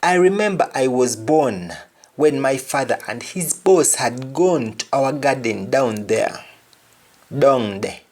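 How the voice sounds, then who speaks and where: A man's voice: mid-range voice, expressive, measured pace, darkish tone. A man hosting a video language lesson, speaking emphatically and repeating example phrases. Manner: emphatic, repetitive example sentences. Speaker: language teacher.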